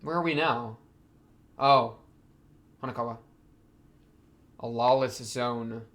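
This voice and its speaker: A man hosting an anime reaction video, talking back to the screen and swinging from quiet muttering to excited outbursts. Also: medium pitch, slow. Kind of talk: casual anime reaction commentary.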